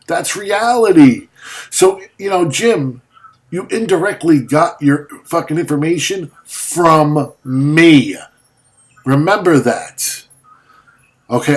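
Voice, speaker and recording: A man with a voice a touch higher than the average man's delivers an angry monologue to camera. He jabs at his target with mockery and frequent swearing. He sounds like he has only just woken up. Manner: confrontational, profane, mocking. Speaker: vlogger. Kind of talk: ranting video monologue.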